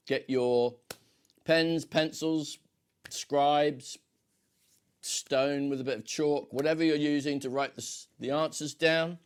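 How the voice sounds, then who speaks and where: Guy running a quiz, lots of uhs and ums, slow and easygoing. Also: a little high, steady tone, clean tone. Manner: rambling, with many hesitations and fillers. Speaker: quiz host. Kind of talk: casual quiz hosting with food tasting.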